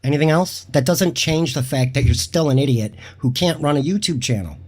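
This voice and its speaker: A man's voice: a little high, lively intonation, fairly quick, darkish tone. A man appearing as a guest on a casual livestream, combative, sarcastic and profane.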